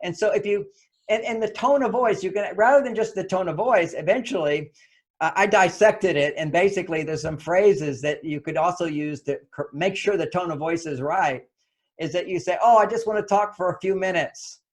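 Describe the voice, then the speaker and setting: A man's voice: sits high, normal speed. A man, a relationship author, giving anecdotal advice as a guest and acting out quoted lines as he goes. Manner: animated, acts out quoted lines.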